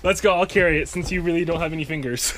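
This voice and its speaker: A woman's voice: lowish voice, fast, background noise. Chatty young woman vlogging outdoors. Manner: chatty, laughs often, cheers loudly while sledding. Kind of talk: casual family vlog. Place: outdoors in snow.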